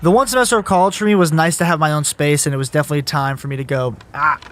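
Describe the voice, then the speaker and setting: Fast-talking young man telling a story. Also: fairly high pitch, steady tone. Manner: storytelling, swears freely. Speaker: guest telling his story. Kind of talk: casual podcast chat.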